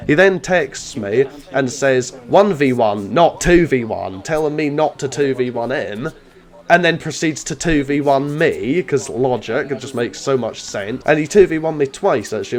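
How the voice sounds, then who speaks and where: A man's voice: mid-range voice, lively intonation, normal speed. Sarcastic gaming YouTuber man. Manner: sarcastic, mocking, uses "mate" constantly. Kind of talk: gameplay commentary and trash talk.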